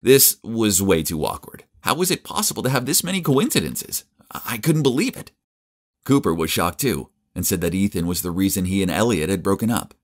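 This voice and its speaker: A man telling a dramatic first-person story with a very deep voice. His delivery is conversational, shifting between musing and exclamation. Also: very animated, brisk. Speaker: narrator.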